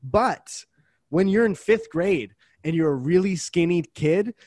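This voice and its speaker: A man's voice: sits high, lively intonation, measured pace, darkish tone, dry recording, clean studio sound. A young man co-hosting a podcast in casual chat, telling stories in a laid-back way, drawing words out for emphasis and laughing often. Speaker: podcast co-host. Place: podcast studio, live stream.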